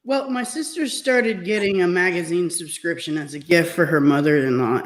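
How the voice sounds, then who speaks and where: A woman competing in a pun contest, telling her joke as an animated little story. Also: lowish voice, normal speed, few pauses.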